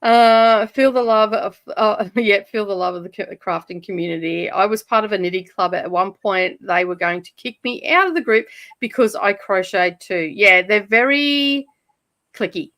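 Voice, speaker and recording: An Australian woman talks over a video call in a loose, rambling chat. She giggles often and keeps her pitch at an ordinary middle height. Her talk is full of fillers. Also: normal speed, fairly bright tone. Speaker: streamer hosting a reading sprint. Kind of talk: casual chat.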